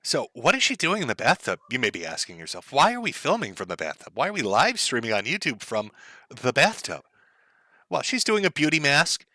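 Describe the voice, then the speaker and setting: A man's voice: mid-range voice, wildly swooping pitch, a little fast, pushed and bright, no echo. A man streaming live, giving profane, mocking commentary over clips.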